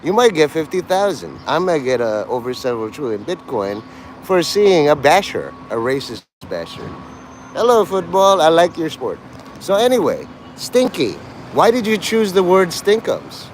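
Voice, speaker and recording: A male streamer from New York City talks to his chat in an abrasive, taunting and erratic way. His pitch swings widely up and down. A faint hum of city traffic sits behind him on the street. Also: sing-song, moderate pace, rough recording. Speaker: livestreamer talking to his chat. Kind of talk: rambling live-stream chat.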